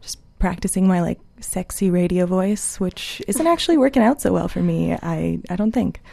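A young woman hosts a campus radio chat in a relaxed, jokey, self-deprecating manner. Her fairly low voice has a gravelly fry, and the studio sound is dry and close. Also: moderate pace, no room sound. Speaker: student radio host.

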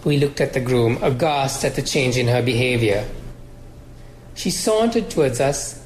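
A man's voice: medium pitch, a little hiss or hum. Man reading aloud in a roomy room. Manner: measured, expressive. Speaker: author. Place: college lecture room.

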